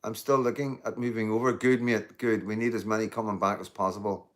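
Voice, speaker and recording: A Northern Irish man in his fifties talks on a casual live stream in a slightly low voice. He rambles earnestly and swears without a second thought. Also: flat delivery, a little fast, a bit bright.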